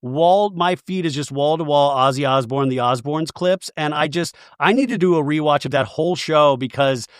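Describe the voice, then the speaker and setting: A man hosting a pop culture podcast in loose, casual chat. His voice sits a bit high. The sound is dry and close. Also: normal speed, few pauses, clean tone, no room sound. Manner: chatty, swears, acts out quotes. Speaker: podcast host.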